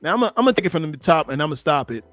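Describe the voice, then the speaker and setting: A man who is a relationship coach and host, giving animated live-stream commentary on video clips and repeating himself as he urges viewers to like. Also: on the high side, rapid-fire, dry recording, soft background music.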